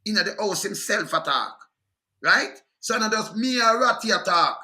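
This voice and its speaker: A man with a Jamaican accent co-hosting a casual political chat, halting and repeating words as he talks in patois phrasing. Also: high voice, expressive, bright, forceful tone. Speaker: co-host.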